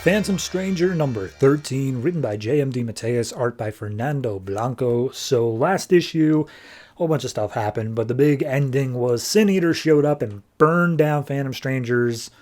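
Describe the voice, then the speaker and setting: A man hosting a podcast, recapping a comic book issue in a chatty, casual way with quick asides. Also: medium pitch, expressive, darkish tone, faint music behind. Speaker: podcast host.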